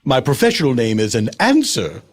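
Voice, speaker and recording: A man's voice: mid-range voice, huge pitch swings, a little fast. A man playing a prim, haughty lady daredevil with old-fashioned, scolding diction on a comedy podcast. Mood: imperious. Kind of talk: improvised comedy podcast character.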